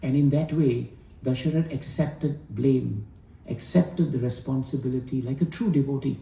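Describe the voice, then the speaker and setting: A man with a dark, gravelly voice tells a devotional tale, earnest and measured. He sits back from the mic in an echoey room, so his words ring off the walls. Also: mid-range voice, far from the mic. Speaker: spiritual storyteller. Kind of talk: devotional storytelling talk.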